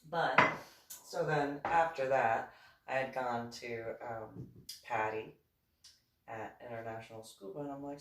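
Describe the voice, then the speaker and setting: A woman's voice: a bass voice, unhurried. Giggly woman author in a roomy echo. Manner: giggly, rambling, full of fillers. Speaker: author reading from her memoir. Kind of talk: chatty storytelling with acted dialogue. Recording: roomy echo from a distant mic.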